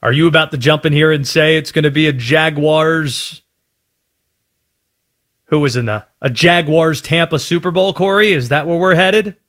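A man's voice: fairly high pitch, moderate pace. A man hosting a sports talk radio show, ranting playfully about team colors in a studio. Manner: animated, playful rants.

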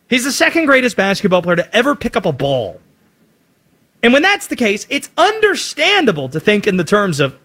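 A man's voice: high voice, a bit bright. A man giving an emphatic sports opinion monologue, punchy and full of rhetorical questions. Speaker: sports commentator.

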